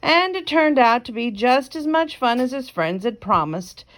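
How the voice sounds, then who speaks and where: A woman reading a children's picture book aloud, slow and careful, with chatty asides between pages. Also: fairly high pitch, expressive, fairly bright tone, a little hiss or hum. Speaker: reader.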